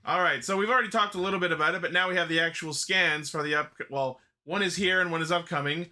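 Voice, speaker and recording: A man's voice: on the high side, quick pace, pushed and bright. A man hosting a casual podcast, introducing topics and steering the chat. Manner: runs the segments, announces topics. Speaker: podcast host.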